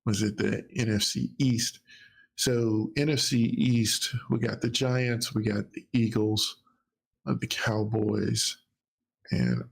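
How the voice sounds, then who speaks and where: A man with a gravelly, husky voice hosts a casual live stream, talking in a loose, halting way. He trails off and restarts his sentences, thinking out loud as he goes. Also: mid-range voice. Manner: rambling, halting, restarts often. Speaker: host of a live football talk stream.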